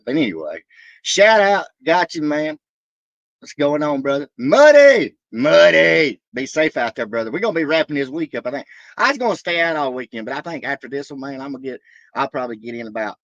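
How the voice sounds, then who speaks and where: A man live-streaming from a truck stop, rambling excitedly and cursing loosely while shouting out his viewers. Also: mid-range voice, dry recording, muffled recording. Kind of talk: casual rambling livestream chat.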